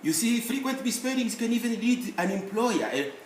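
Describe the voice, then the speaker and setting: A man teaching a spelling lesson, explaining word by word in a slow, deliberate way with many pauses. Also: very high-pitched, sing-song, slight background noise. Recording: roomy echo, faint ambience.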